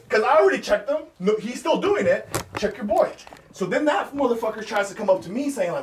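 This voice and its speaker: A man hosting a podcast, telling a story in an animated, profane, casual way. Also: extremely high pitch, a little fast, reverberant, far from the mic, slight background noise. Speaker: podcast host.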